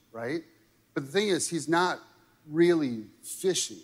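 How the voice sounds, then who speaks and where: A man with a slightly higher voice preaching a sermon to a congregation in a relaxed, talky way, again and again asking his listeners "right?" and "okay?". His voice rings with the long reverb of a large hall. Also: normal speed. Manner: conversational preaching with frequent rhetorical "right?" and "okay?". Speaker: pastor.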